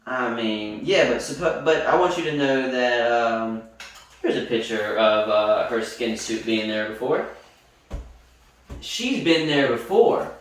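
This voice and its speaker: A young man co-hosting a podcast chats in a loose, joking way and stretches words out for emphasis. His voice sits at an ordinary pitch. He sounds set back from the microphone in a boomy, echoing room. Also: a little slow. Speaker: podcast co-host. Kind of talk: casual chat. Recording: roomy echo, distant from the mic.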